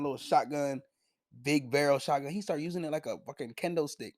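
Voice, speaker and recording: A young man reviewing anime in a casual vlog, with a slangy, profane, animated retelling and frequent laughs. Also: on the high side, fast talker, no echo, studio quality. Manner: laughs often.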